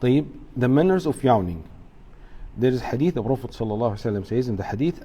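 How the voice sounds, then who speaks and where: A man's voice: medium pitch, expressive, rapid-fire, mellow, slightly rough. Man teaching an informal religious class. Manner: explains step by step, repeats key points, mixes in Arabic words.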